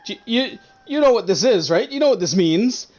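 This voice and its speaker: A frantic, fearful merchant , as a game master puts him on in a tabletop game. His voice climbs high and swings wildly as he pleads. The panic never leaves him. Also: lively intonation, normal speed, highs cut off, lightly acted. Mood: despairing. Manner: jittery, pleading, sobbing outbursts. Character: nervous, panicky middle-aged male dye merchant.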